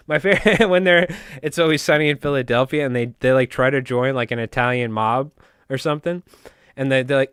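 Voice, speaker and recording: A man from New York with a New York accent, hosting a casual livestream and rambling through jokes without a pause. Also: medium pitch, fairly bright tone, clear, resonant tone, dry recording, clean studio sound. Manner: rambling, joking, talks nonstop. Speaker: livestream host.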